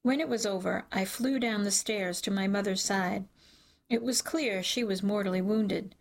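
Woman narrator, gravelly voice, measured dramatic reading, audiobook. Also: medium pitch.

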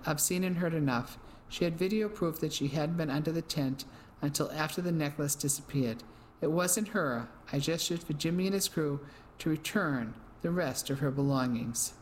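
Steady first-person audiobook narrator. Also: medium pitch, a little hiss or hum, rough recording. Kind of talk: first-person novel reading on a radio reading service.

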